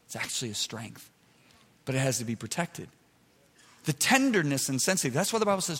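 A man preaching a sermon, emphatic, moving between loud shouted points and soft, close asides. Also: medium pitch, very animated, fast talker, long pauses, breathy edge. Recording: preached in a large reverberant hall.

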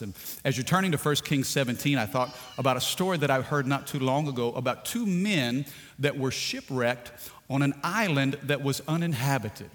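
Joking pastor preaching in a reverberant church. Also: male voice, mid-range voice, a bit bright. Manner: jokey, talks to the congregation, repeats himself. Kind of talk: sermon. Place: church sanctuary. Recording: long hall reverb.

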